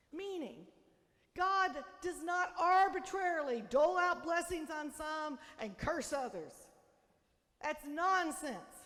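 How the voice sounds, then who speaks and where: A woman pastor preaching a sermon, swinging between loud emphatic declarations and soft, hushed lines. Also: high-pitched. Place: church sanctuary. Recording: long church reverb.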